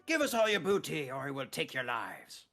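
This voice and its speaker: A man voicing a loud, foul-mouthed male pirate parrot captain who blusters and curses. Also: on the high side, very animated, moderate pace, creaky, soft background music, pitched above the performer's own voice, exaggerated voice. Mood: blustering. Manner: brash, blustering, cursing.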